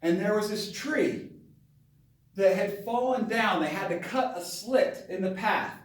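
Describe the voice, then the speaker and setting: A father telling a personal story to his camera in a dramatic, excitable way, with sudden bursts of yelling. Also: high voice, measured pace. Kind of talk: animated story time on camera. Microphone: camera mic at a distance. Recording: very echoey room, voice far from camera.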